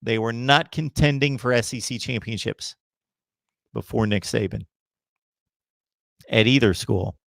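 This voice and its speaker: A man hosts a casual live sports chat, answering viewer comments one after another. He speaks at a middle pitch in an emphatic, opinionated way. The sound is dry and close, with almost no room echo. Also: unhurried, gravelly, long pauses, fairly bright tone. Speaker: host of a college football livestream.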